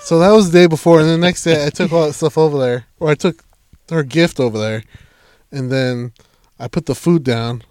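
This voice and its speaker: A man's voice: on the high side, moderate pace, a little mellow. A man telling a work story in casual chat, swearing a lot and acting out his coworkers' lines.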